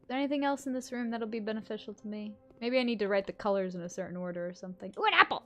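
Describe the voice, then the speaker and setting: A woman's voice: mid-range voice, fairly even intonation, very fast, darkish tone. A young woman streaming a video game, thinking aloud in a chatty, self-mocking way. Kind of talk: casual gameplay commentary.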